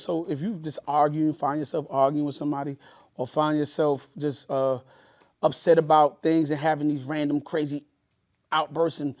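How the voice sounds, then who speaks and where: Tired New York podcast co-host, a bit higher voice, animated reactions. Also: male voice. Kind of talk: casual chat.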